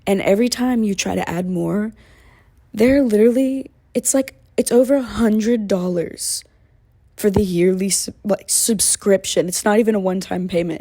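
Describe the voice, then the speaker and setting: Slow-talking woman with a gravelly, mellow voice. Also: medium pitch. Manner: candid, animated ranting with swearing and laughs. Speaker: podcast host. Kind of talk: casual solo podcast chat.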